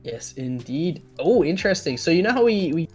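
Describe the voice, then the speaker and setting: A young man casting a mobile esports match live, chatty and relaxed, greeting viewers in the chat. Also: a little high, a little fast, soft background music. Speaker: esports caster.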